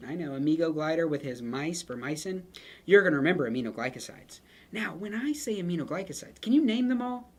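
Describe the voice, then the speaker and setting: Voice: mid-range voice, slightly rough. A nursing pharmacology instructor giving a casual lecture built on picture mnemonics, chatty and joking, with playful asides to the students.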